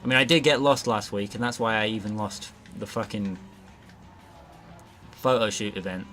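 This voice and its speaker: A man's voice: lowish voice, moderate pace, a bit bright, faint music behind. A man casually narrating his gameplay as a let's play host, rambling with lots of fillers and frequent swearing. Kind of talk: gameplay commentary.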